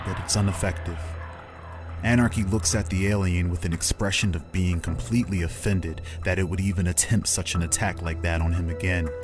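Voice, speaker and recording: Low-voiced man narrating a game. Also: fairly quick. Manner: steady storytelling narration. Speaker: game master. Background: background music.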